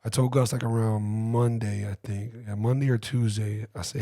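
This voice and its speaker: A man's voice: on the low side, normal speed, few pauses, dry recording, clean studio sound. A man hosting a podcast, telling a story in casual chat, swearing freely and acting out text messages. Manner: animated, swearing, mimics texts. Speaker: podcast host.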